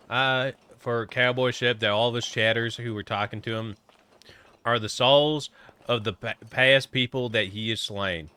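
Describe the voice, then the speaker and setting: Bright, clear-voiced male game streamer. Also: on the low side, dry recording. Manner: rambling, jokey, chatting to viewers. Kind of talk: casual stream chat.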